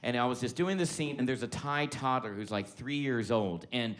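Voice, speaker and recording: A middle-aged man doing a stand-up comedy set, talking casually and profanely, swinging from shouts to quiet confiding. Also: mid-range voice, moderate pace. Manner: loud swings between shouting and hushed confiding; profane, conversational, self-mocking.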